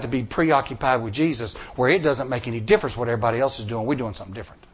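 A middle-aged man preaching a sermon, telling personal stories with animated, emphatic delivery. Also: medium pitch, rapid-fire, few pauses, breathy edge. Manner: animated, rising to emphatic peaks. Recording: recorded sermon tape.

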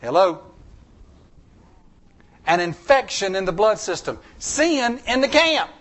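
A man's voice: sits high, big pitch swings, takes it slowly, a bit bright. A man preaching a sermon in a church, emphatic and repetitive, with folksy jokes.

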